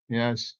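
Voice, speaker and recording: An older man hosting a live stream alone, rambling through jokey wordplay, chuckling and talking to his props. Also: mid-range voice. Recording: dull lo-fi stream audio.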